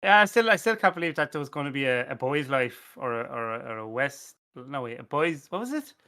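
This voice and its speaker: A man's voice: mid-range voice, expressive, brisk, sharp tone, clean tone. An Irish man hosting a casual podcast chat, rambling, swearing and laughing often at his own stories. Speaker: podcast host.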